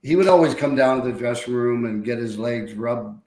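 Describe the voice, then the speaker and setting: A man's voice: mid-range voice, a little fast. Man telling stories in an echoey room. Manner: relaxed anecdote telling. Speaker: co-host, former player. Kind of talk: casual podcast chat.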